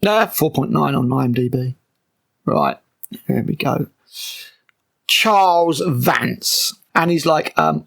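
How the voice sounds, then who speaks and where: Guy ranting sarcastically about a show, raspy voice, swears a lot. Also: fairly high pitch, animated, unhurried, fairly bright tone. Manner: sarcastic, exasperated, swears freely. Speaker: show reviewer. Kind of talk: ranting episode recap.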